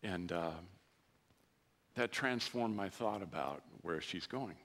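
A man's voice: low voice, slow pace, fairly bright tone. A middle-aged man preaching a sermon as a pastor, talking in a conversational, self-deprecating way and growing emotional at times.

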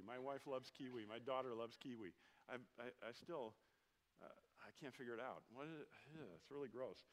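A man's voice: medium pitch, a bit bright. A middle-aged man preaching a sermon in a conversational, joking way, often asking his listeners questions. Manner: conversational, jokey, asks the congregation questions. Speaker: pastor.

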